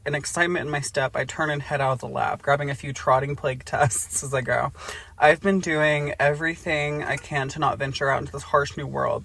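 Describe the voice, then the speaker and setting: A man's voice: mid-range voice, vocal fry, fairly bright tone, slight background noise. A man co-hosting a podcast, reading a book aloud for comedy with joking asides. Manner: joking asides, breaks into laughter. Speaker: podcast co-host.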